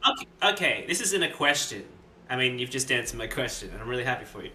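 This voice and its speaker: Bright, lively male player who rambles, recorded in an echoey room. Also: mid-range voice, quick pace, a little hiss or hum. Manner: rambling, full of fillers and laughs. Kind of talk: casual tabletop role-play.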